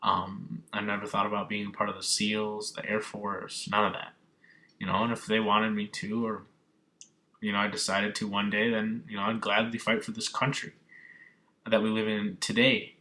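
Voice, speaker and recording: An earnest young man talks through a film review, rambling and circling back with lots of "you know"s. His voice sits on the low side but comes out bright and forceful. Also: monotone, normal speed. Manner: rambling, repeats himself, many fillers; earnest and moved. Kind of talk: casual emotional film review.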